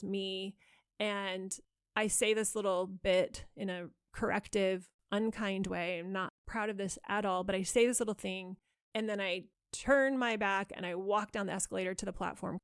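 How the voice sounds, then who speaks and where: A woman hosts a parenting podcast on her own, telling a story in an earnest, self-critical voice. Her pitch sits in a middle range. The sound is dry and close, with no room echo. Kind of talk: reflective solo podcast storytelling.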